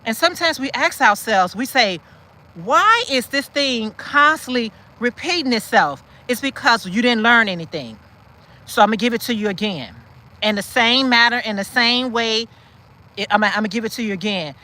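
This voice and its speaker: Woman host, bright and forceful, preachy encouraging walk-and-talk, repeats lines for emphasis. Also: a little high, animated, moderate pace. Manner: reads and answers viewer comments. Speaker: channel host. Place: outdoors, walking in a city.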